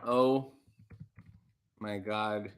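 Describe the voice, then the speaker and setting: A man's voice: lowish voice, fairly even intonation, very slow, a bit bright, smooth. A man in his thirties hosting a casual livestream, chattily reading out viewer comments and reacting to them. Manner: chatty, reads comments aloud, sings lyrics in a mock voice. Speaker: host.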